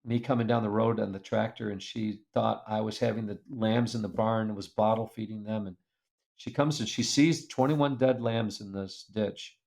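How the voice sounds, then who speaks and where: A man with a gravelly, fry-edged voice tells a personal story as an interview guest. He talks in an earnest, reflective way, and his voice jumps up when he acts out the other people in the tale. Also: lowish voice, steady tone, normal speed, a little mellow. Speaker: guest speaker.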